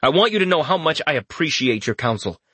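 A man's voice: fairly high pitch, very animated, fast talker, sharp tone, slightly rough, dry recording, pitched above the performer's own voice, exaggerated voice. A man doing a smugly condescending young lord. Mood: mock-soothing. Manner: oily, condescending. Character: scheming young male lord, mock-sympathetic and teasing.

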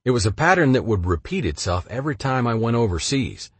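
Male memoir narrator, blunt and cursing, lively pitch, dry close studio sound. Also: brisk, slightly rough, dry recording. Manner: blunt and profane, swinging between flat and heated. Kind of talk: first-person audiobook memoir reading.

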